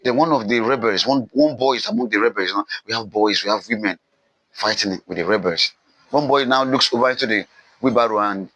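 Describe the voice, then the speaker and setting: Brief: bright-voiced male tutor summarising a novel, lively and repetitive, dry close sound. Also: fairly low pitch, normal speed, dry recording, rough recording. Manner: animated retelling, repeats phrases for emphasis. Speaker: literature teacher.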